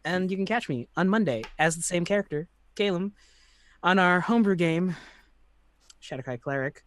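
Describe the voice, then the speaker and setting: A tired man who plays tabletop games, chatting casually and haltingly, losing his place. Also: high-pitched, expressive, fairly bright tone. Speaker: tabletop game player. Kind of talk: casual chat.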